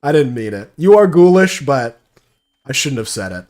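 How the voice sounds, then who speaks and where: A man's voice: mid-range voice, very animated, moderate pace, darkish tone. A young man giving casual gameplay commentary, brash and profane, mocking as he tells stories. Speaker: gaming streamer.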